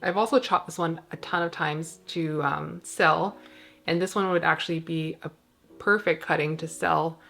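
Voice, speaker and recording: A woman with a slightly low voice talks casually while she works through her plant cabinet at home. She rambles and fills her sentences with "like". Her tone stays easygoing and chatty. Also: steady tone, moderate pace, creaky, fairly bright tone. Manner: chatty and rambling, full of "like" fillers. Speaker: plant vlogger.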